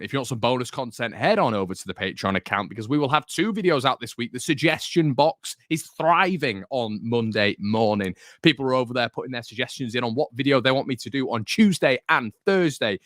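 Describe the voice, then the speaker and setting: A man's voice: mid-range voice, a bit bright, no room sound, studio quality. A young man from the north of England, hosting a football fan channel in chatty, jokey, rambling talk to camera. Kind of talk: casual chat to camera.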